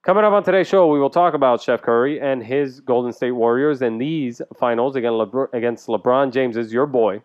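A man's voice: mid-range voice, a little fast, few pauses, clean tone, highs cut off. A man co-hosting a casual sports podcast, running through the show rundown with joking asides. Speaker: podcast co-host.

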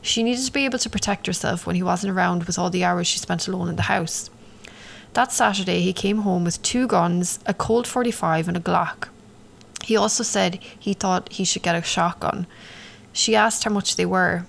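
A woman narrating a true-crime story in a measured way, slowing down for the dramatic moments and adding her own commentary. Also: fairly low pitch, creaky.

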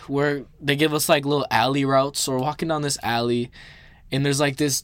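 Young man, mid-range pitch, casual storytime vlogger, slangy and profane, dry close mic. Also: no echo. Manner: slangy, swears often, acts out voices in quotes.

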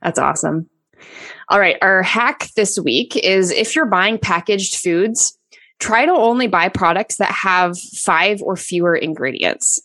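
A woman's voice: medium pitch, unhurried, a bit bright. A woman in her thirties co-hosting a podcast, upbeat and organized in her chat. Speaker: podcast co-host.

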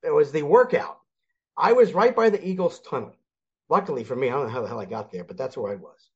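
Guesting on a casual sports conversation, an older man from Philadelphia talks at a quick pace in a fairly high voice with a breathy edge. He's an animated storyteller who performs his characters' voices, heard through dull, lo-fi audio.

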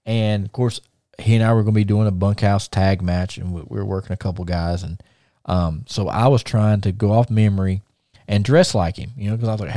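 Low-voiced man telling wrestling stories. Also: steady tone, fairly quick, warm tone, no echo, studio quality. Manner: rambling, repeats words, laughs at his own stories. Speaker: podcast host and former wrestler. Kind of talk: casual storytelling.

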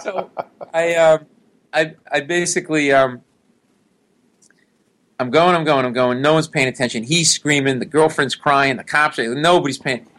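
A man's voice: fairly high pitch, moderate pace, pauses often. A middle-aged man telling a long story in a casual interview. He acts out the people he describes. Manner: animated storyteller who acts out the people in his stories. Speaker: guest.

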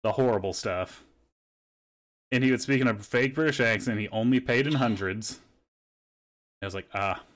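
A man's voice: medium pitch, normal speed, pauses often, a little hiss or hum. A young man hosting a podcast, telling rambling stories in casual chat and swearing freely. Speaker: podcast host.

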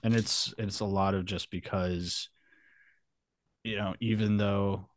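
A man talking as a podcast guest, swearing freely and telling animated stories in casual chat. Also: on the low side, takes it slowly. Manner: profane, animated storyteller.

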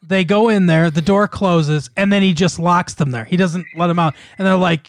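A man with a fairly high voice rambles through a film's plot in loose, profane chat. He stumbles over words, leans on fillers and laughs as he goes. The sound is dry and close, with no room around it. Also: steady tone, fairly quick, hardly any pauses, dry recording. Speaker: podcast co-host recapping a film. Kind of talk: casual chat.

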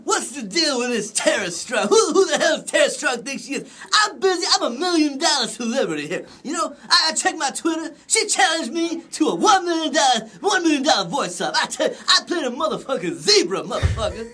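A loud, boastful comedian figure, impersonated by a male voice actor rants, shouts and laughs as he goes. The voice sits high and leaps wildly up and down. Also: big pitch swings, fairly quick, heavily acted. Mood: ranting boastful. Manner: ranting, shouting, laughing through lines. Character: loud boastful celebrity comedian, adult man.

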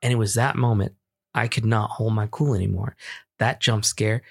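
A young man co-hosting a casual podcast, telling a story in a loose, swearing, animated way and acting out the people in it. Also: lowish voice, moderate pace, vocal fry, slightly rough. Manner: animated, swearing, acts out screams and quotes. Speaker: podcast co-host.

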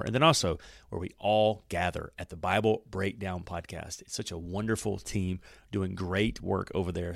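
A man hosting a podcast and teaching the Bible in a relaxed, conversational way, often correcting himself mid-sentence. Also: on the low side, creaky, no echo, clean studio sound. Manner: warm, conversational storytelling with self-corrections.

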